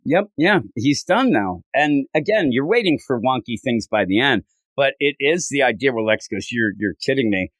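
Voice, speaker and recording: An animated man retells a comic on his podcast at a moderate pace, jumping around in pitch as he acts out the quotes. The casual comic book talk is dryly recorded.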